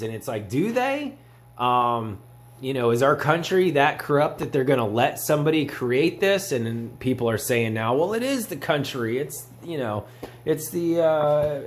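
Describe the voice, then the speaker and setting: A man giving a casual, rambling crypto opinion vlog, self-mocking and joking with his viewers. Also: medium pitch. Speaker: crypto commentator.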